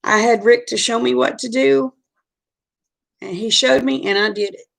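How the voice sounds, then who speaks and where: A woman's voice: fairly high pitch, steady tone, normal speed, vocal fry, a bit bright. A middle-aged woman telling a personal story in a frank, chatty way. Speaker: vlogger. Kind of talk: casual storytelling.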